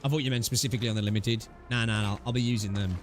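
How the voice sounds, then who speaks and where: A man's voice: lowish voice, steady tone, rapid-fire, a little hiss or hum. A man streaming a game, chatting casually to his viewers and swearing often. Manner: chatty, swearing, talks to chat. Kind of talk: casual live gaming commentary. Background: faint game music.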